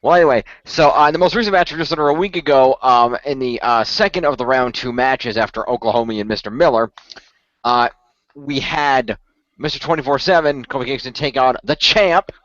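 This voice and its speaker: A man's voice: mid-range voice, a little fast, fairly bright tone, dry recording. A man hosting a podcast in casual chat, rambling with lots of fillers and restarts. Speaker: podcast host. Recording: muffled lo-fi dry audio.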